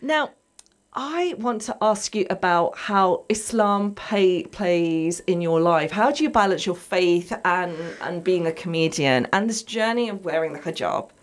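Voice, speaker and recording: A woman's voice: on the low side, animated, measured pace. A woman hosting a radio interview, asking questions with enthusiasm and reading listener messages aloud. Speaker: radio show host.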